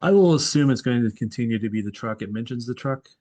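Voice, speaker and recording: A man's voice: medium pitch, animated, fast talker, darkish tone, no echo. A man hosting a soccer podcast in casual chat, thinking aloud and correcting himself as he goes. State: tired. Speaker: podcast host.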